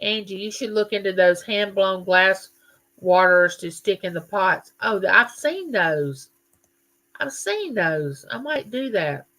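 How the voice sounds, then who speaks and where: A woman's voice: mid-range voice, lively intonation, measured pace, a bit bright. A middle-aged woman, hosting a livestream in a chatty, folksy way and reading viewer comments aloud. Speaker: livestream host. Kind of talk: casual live chat reading viewer comments.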